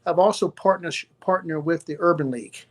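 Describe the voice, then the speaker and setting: A man's voice: fairly high pitch, brisk. A man with a Southern US accent, a doctor speaking as a guest on a live-stream interview, emphatic and lecturing, repeating his points for stress.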